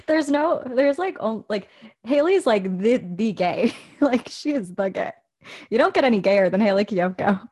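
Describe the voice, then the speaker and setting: A woman's voice: a little high, expressive, unhurried, darkish tone. A young woman co-hosting a casual gossip podcast, giggly and rambling, often hunting for words. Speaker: podcast co-host. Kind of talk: casual celebrity gossip chat.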